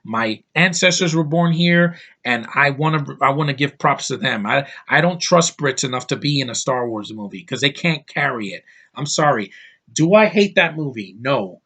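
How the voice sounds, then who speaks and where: A man's voice: mid-range voice, expressive, sharp tone. An American man giving an opinionated, casual rant to his viewers. He is emphatic and often stumbles and restarts mid-sentence. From United States. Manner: opinionated, emphatic, quick to dismiss things; frequent restarts and stammering. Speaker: vlogger.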